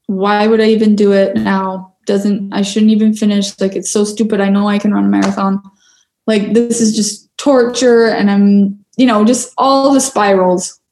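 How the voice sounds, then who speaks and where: A woman's voice: medium pitch, a little mellow, roomy sound. A woman in her thirties, an interview guest, telling a personal story in an earnest, reflective way with lots of fillers.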